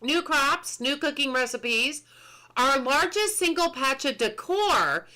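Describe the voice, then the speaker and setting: High, bright-voiced woman streamer. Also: lively intonation, slow. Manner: chatty, reads patch notes aloud and answers chat, laughs often. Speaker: game streamer. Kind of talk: casual live-stream chat.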